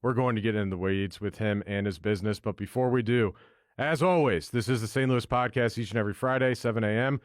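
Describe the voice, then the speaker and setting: A man's voice: on the low side, fairly quick, no echo, studio quality. A man hosting a podcast in casual chat, brash and loose, with some swearing. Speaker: podcast host.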